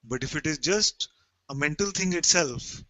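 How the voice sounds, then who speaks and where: A man leading a satsang, speaking slowly and emphatically as a spiritual teacher who gently repeats his points. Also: on the high side, lively intonation, dry recording. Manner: slow, emphatic, gently repetitive.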